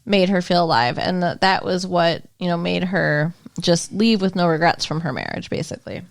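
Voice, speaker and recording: A woman's voice: fairly low pitch, lively intonation, moderate pace, creaky, dry recording, clean studio sound. A woman co-hosting a podcast in casual recap chat, laughing a lot and teasing her partner. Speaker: podcast co-host.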